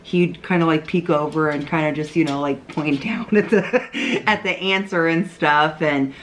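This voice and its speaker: A woman's voice: low voice, normal speed, a little hiss or hum. A woman fondly telling a story in a casual chat, rambling and filling it with "like" and "you know". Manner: fond, rambling, says "like" and "you know" a lot.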